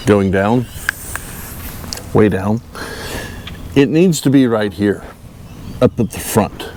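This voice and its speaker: A man's voice: on the low side, slow, mellow, slight background noise. A man hosting a casual do-it-yourself vlog while working on a boat trailer outdoors, folksy and self-mocking, chuckling as he talks. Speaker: channel host doing a boat trailer fix-up. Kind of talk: casual DIY vlog talk to camera.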